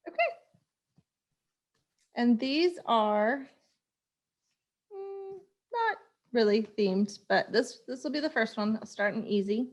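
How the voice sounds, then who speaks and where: A woman's voice: on the high side, slow, pauses often. Chatty woman podcast co-host. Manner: chatty, laughs often, animated storytelling. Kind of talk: casual chat.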